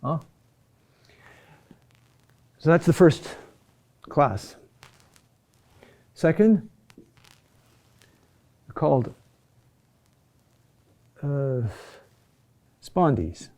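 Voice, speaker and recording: A male teacher lectures in a slow, unhurried way, often repeating words. His voice sits a little high for a man but sounds dark and mellow. He keeps checking in with a quick "huh?" as he explains. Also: expressive. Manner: repeats key words for emphasis. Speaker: chant teacher. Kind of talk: classroom lecture.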